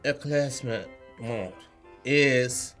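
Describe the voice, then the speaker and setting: A man playing a word game with a friend, joking around and sounding out hard words slowly. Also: medium pitch, fairly even intonation, a bit bright, soft background music. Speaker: game show contestant and host. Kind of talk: casual banter on a word game.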